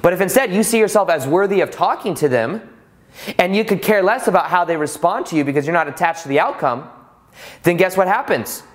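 A man with a slightly raised pitch gives a casual motivational talk, speaking a little fast in a relaxed, conversational way. Like a podcast host chatting with listeners, he tells his story through rhetorical questions, frequently repeating himself and restarting.

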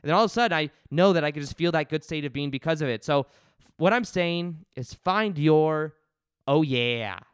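Animated young man, smooth clear voice. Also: a little high, fairly quick, no room sound, studio quality. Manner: animated storytelling, many restarts and asides. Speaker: YouTube self-help creator. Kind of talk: casual to-camera talk.

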